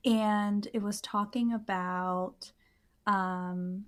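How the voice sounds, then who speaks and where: A woman co-hosting a casual podcast, hesitant and thinking aloud with pauses and ums. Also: medium pitch, steady tone. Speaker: podcast co-host. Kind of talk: casual chat.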